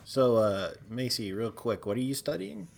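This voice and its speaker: A man's voice: medium pitch, sing-song, moderate pace, vocal fry, crowd noise. A man playing trivia, chatting casually in a playful way. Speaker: trivia contestant. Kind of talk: casual chat.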